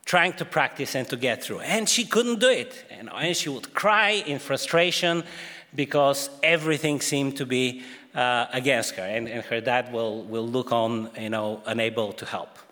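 A man's voice: on the high side, fairly bright tone, long reverb tail. A man preaching a sermon in a church, speaking hesitantly with many fillers.

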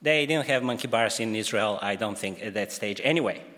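A man's voice: lowish voice, fairly quick, fairly bright tone, in a large hall. A man preaching a sermon in a church, speaking hesitantly with many fillers.

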